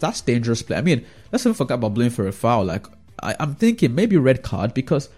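A man's voice: mid-range voice, wildly swooping pitch, quick pace, darkish tone, slightly rough, faint music behind. A man giving a casual, rambling opinion monologue about football as a fan vlogger, often checking in with the listener through tag questions.

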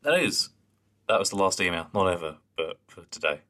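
A man's voice: deep voice, sing-song, a little fast, pushed and bright. A man co-hosting a fan podcast in casual chat, earnest and a little hesitant, reading listener messages. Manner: earnest, reads out listener emails, hesitant fillers. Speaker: podcast co-host.

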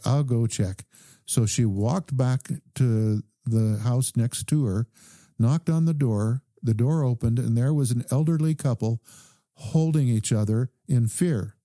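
A man, a doctor guest on a podcast, calmly telling a story and quoting the people in it. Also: medium pitch, no room sound, clean studio sound. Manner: calm, measured recounting with quoted dialogue. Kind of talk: conversational storytelling.

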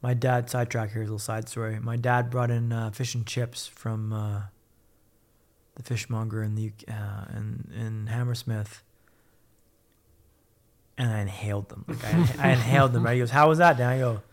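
Gravelly-voiced man, blunt and upbeat. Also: medium pitch, little pitch movement, normal speed, a little mellow. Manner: blunt, swears freely, upbeat motivational tone. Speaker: podcast guest. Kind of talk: casual candid storytelling.

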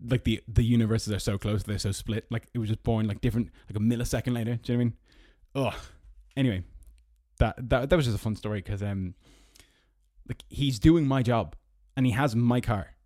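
Fairly quick and mellow, a young Irish man hosts his podcast solo from a parked car, drifting through stories with sarcastic comments and going squeaky to mock people. There's no room sound, and the recording is studio quality.

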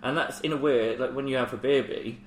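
A man with an average-pitched voice, chatting supportively as co-host. The sound is roomy, with faint noise behind him. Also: fairly even intonation, fairly quick. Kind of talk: casual chat. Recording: roomy echo, faint background.

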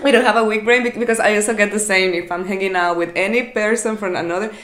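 A woman's voice: medium pitch, fairly even intonation, fast talker, heavy background noise. A woman from Latin America whose first language is Spanish, explaining her ideas in a casual podcast chat and sometimes laughing at herself. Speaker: podcast co-host. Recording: roomy echo.

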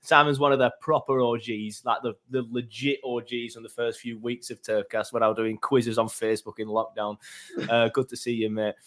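A man's voice: mid-range voice, flat delivery, brisk, a bit bright. A man, casually hosting a football fan podcast and reading out listener comments. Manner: chatty, reads out listener comments. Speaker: podcast host.

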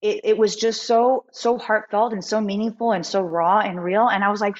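Animated woman, dull lo-fi sound. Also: mid-range voice, fairly quick. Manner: animated storytelling with many fillers. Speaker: guest musician. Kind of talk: candid podcast interview.

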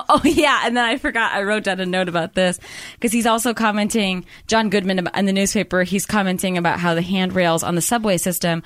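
A woman's voice: medium pitch, fairly quick, dry recording. A woman with a mid-range voice talks through a movie plot in a loose, rambling way, swearing now and then. The sound is dry and close to the mic. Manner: rambling, chatty, swears casually. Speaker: podcast co-host. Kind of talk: casual movie recap chat.

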